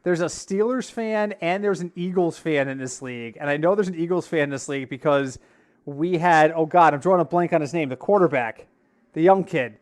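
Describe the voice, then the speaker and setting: A man's voice: a little high, a little fast. A man co-hosting a podcast in casual chat, telling stories and acting out the lines of the people in them. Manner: storytelling, acts out quoted dialogue. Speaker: podcast co-host.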